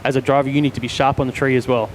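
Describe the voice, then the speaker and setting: An Australian man doing brisk, informative, matey live drag racing commentary at an outdoor raceway. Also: medium pitch, flat delivery. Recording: faint outdoor engine noise.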